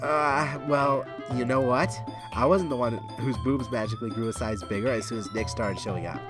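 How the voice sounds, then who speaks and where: Man voicing a bratty teen girl, mocking, snippy, game music behind, mid-pitched plain read. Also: moderate pace, lightly acted. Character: brash sharp-tongued teenage girl clubmate. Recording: game music playing under the voice.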